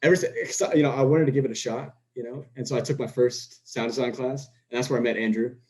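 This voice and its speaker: A man's voice: medium pitch, fairly even intonation, fast, a little mellow, poor audio. A young man from Houston, a podcast guest, telling stories in a casual, rambling way with lots of restarts and acted-out dialogue. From Houston, Texas. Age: young adult. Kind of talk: casual storytelling chat.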